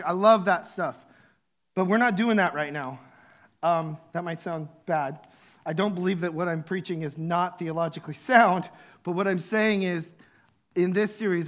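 A man preaching a sermon in a conversational, earnest way, with casual asides and fillers. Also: high voice. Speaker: pastor.

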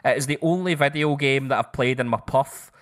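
A man co-hosting a podcast, telling stories in an animated, sweary casual way. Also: medium pitch, fairly quick. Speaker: podcast co-host. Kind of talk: casual chat.

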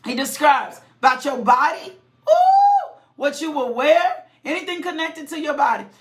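A woman preacher delivering an impassioned sermon, often shouting, breaking into sudden high cries of "ooh" and repeating her phrases. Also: moderate pace.

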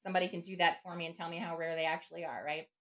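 A woman's voice: on the low side, little pitch movement, rapid-fire, highs cut off. A middle-aged woman speaking as an author guest in a casual interview. She is chatty, often adds "right?" and laughs easily.

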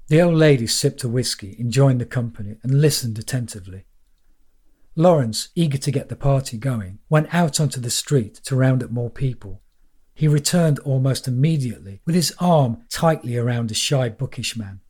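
A man's voice: medium pitch, moderate pace, darkish tone, husky. A man narrating an audiobook in a dry, wry way.

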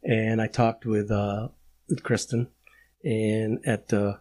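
A man's voice: lowish voice, level tone, a little mellow. A man hosting a casual podcast chat, talking with emotion and restarting his sentences often. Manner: emotional, halting, many restarts. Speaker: podcast host.

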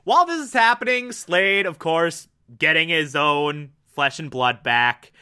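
A man's voice: on the high side, animated, unhurried, pushed and bright, smooth. A man giving casual review commentary on a cartoon episode, gushing and enthusiastic, with frequent "uh" fillers.

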